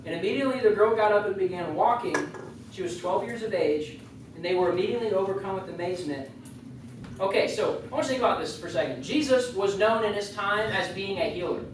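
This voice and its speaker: In a youth group meeting room, a youth leader delivers a loose, joking sermon that keeps drifting into chatty asides. His middling-pitched voice comes quickly and from well back from the mic, ringing through a very echoey space over a faint background hiss.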